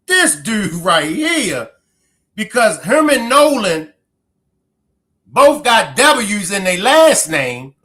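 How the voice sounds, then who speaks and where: A man's voice: sits high, sing-song, drawn-out words, pauses often, bright, forceful tone. A man streaming live, reacting to a clip, who keeps laughing, exclaiming and breaking off mid-sentence.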